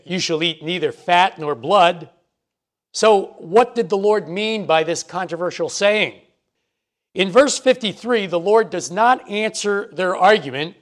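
Emphatic man teaching scripture. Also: a little high. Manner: measured, emphatic on quoted scripture. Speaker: bible teacher. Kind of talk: expository bible teaching.

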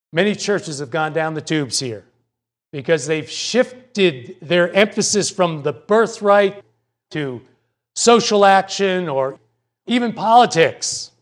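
A man preaching a sermon as pastor, measured and repeating his key points for emphasis. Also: high voice.

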